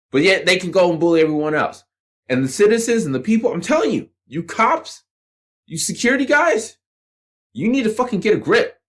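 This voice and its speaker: A man's voice: sits high, a bit bright. A man giving a blunt, combative motivational rant to the camera, swearing freely as he lectures the viewer. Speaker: channel host.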